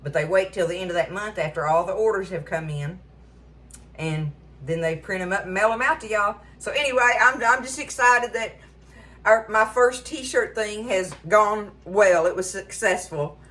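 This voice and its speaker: A woman's voice: mid-range voice, moderate pace, a bit bright. A middle-aged woman, chatting casually to viewers about cooking in her home kitchen. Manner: folksy and chatty, addresses viewers as y'all. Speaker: cooking show host.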